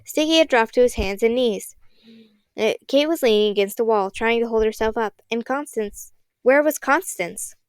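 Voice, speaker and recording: Smooth-voiced woman narrating an audiobook. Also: on the high side, normal speed, dry recording. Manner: expressive, dramatic reading.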